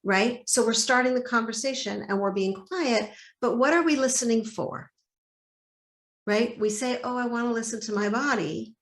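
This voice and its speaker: A woman coach talks with a fairly high, animated voice. She keeps acting out little inner dialogues as she explains. The room around her sounds echoey. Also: moderate pace. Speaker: guest, body-peace coach. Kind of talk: interview conversation.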